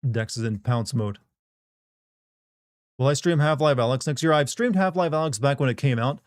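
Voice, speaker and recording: A man's voice: mid-range voice, normal speed, clean tone, dry recording, studio quality. A man chatting casually on a live game stream, reading out viewer questions and commenting on his pet in a laid-back, rambling way.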